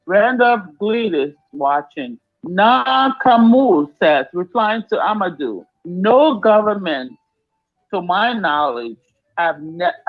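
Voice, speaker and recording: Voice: medium pitch, phone-quality sound. A radio host, reading out listener comments live on air.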